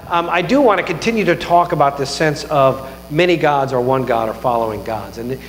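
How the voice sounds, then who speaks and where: A man's voice: a little high, a little hiss or hum. A male pastor giving a chatty sermon on a microphone in a church, joking and mocking himself. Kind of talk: conversational sermon. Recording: echoey church hall with long reverb.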